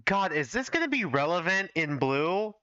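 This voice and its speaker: Chatty male streamer reading a game aloud, higher voice, slightly lo-fi dry desk-mic audio. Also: big pitch swings, moderate pace, pushed and bright, clean tone, no echo. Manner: chatty asides, self-corrections. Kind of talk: casual reaction commentary while reading.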